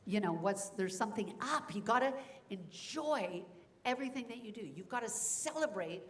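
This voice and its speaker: A woman who teaches voice acting, speaking on a convention panel in an energetic, demonstrative way and laughing often. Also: mid-range voice, moderate pace, slight background noise.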